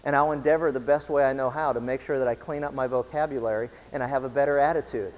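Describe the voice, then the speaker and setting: A man's voice: mid-range voice, fairly even intonation, quick pace, natural voice. A man voicing a foul-mouthed adult male parrot that now speaks in an overly formal, contrite way, in a reverberant hall.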